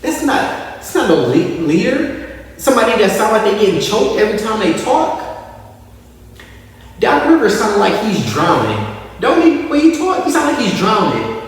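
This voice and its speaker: A man hosting a casual sports podcast, animated and mocking, putting on voices of players and coaches. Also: sits high, normal speed. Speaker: podcast host. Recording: echoey room, voice from a distance.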